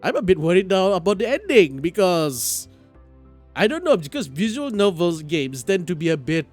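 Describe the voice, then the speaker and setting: Chatty game streamer. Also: male voice, high voice, big pitch swings, moderate pace, faint music behind. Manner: chatty, laughing, stammering restarts. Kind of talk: live game stream commentary.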